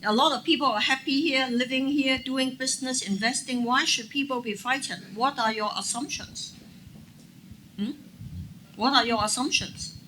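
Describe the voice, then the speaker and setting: Assertive woman with a bright voice. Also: sits high, normal speed, slight background noise, low-quality recording. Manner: assertive, fires back rhetorical questions. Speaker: legislator answering audience questions. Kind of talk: panel Q&A answers. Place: press club event room.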